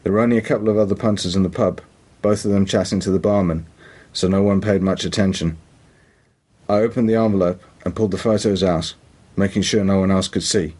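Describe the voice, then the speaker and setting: Deep-voiced British male narrator. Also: fairly even intonation, brisk, a little mellow. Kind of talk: audiobook narration.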